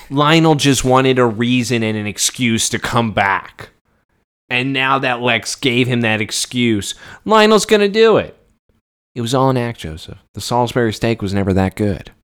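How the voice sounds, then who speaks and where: A man's voice: mid-range voice, big pitch swings, moderate pace, a bit bright, clear, resonant tone. A man co-hosting a casual rewatch podcast, recapping scenes and acting out character lines with laughter. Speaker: podcast co-host.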